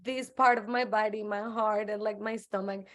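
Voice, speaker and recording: A woman's voice: medium pitch, fairly even intonation, moderate pace. A woman whose first language is Spanish, a therapy client hesitantly describing what she feels. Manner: hesitant, searching for words. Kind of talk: therapy session conversation.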